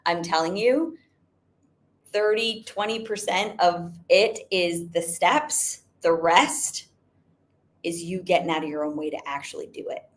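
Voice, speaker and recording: A young adult woman who owns a network marketing business gives an emphatic motivational talk, repeating her points and saying "like" a lot. Her voice sits on the low side and she speaks unhurriedly.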